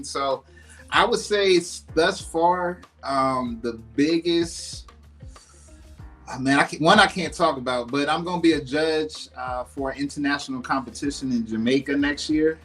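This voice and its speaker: A man's voice: on the high side, unhurried, soft background music. Laid-back man talking casually. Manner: relaxed, loose, full of fillers like "you know what I mean". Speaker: music producer guest. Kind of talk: casual interview chat.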